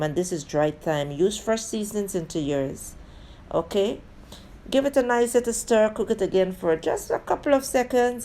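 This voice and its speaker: A woman's voice: lowish voice, dark tone, slight background noise. A woman hosting a casual cooking tutorial. She talks viewers through each step in a chatty way, with friendly asides, and keeps calling them "guys". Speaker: cooking channel host.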